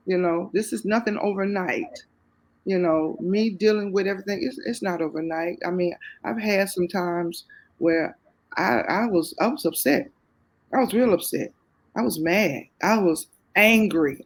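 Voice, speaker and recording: Woman guest with a Southern US accent; earnest, faith-driven, repeats lines for emphasis. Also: on the low side. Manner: heartfelt, faith-filled, repeats phrases for emphasis. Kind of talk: candid testimony in conversation.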